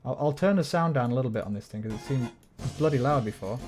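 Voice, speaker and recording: A man streams casually over faint game music, his voice sitting at a middle pitch. He breaks down chords and rhythms in a loose, thinking-aloud way, hums snatches of tunes and swears freely when things go wrong. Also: expressive, fast, hardly any pauses, a little mellow. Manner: explains music theory and hums and sings melodies; swears a lot when frustrated. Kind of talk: casual livestream chat while gaming.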